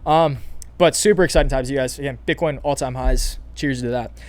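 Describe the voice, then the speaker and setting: A young man hosting casual crypto market commentary, excited and hyped, with frequent restarts and calls to "you guys". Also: medium pitch, brisk, dry recording. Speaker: crypto channel host.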